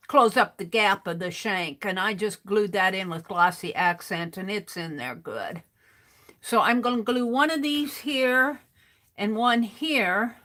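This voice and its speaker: A woman's voice: medium pitch, pushed and bright. A woman hosting an art livestream from her desk, chatting to viewers and narrating her crafting as she works. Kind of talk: casual craft demo livestream.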